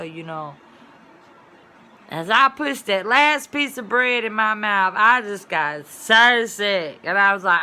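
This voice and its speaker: A woman vlogger telling a story in a casual, colloquial way, with sudden loud exclamations. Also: medium pitch, slight background noise.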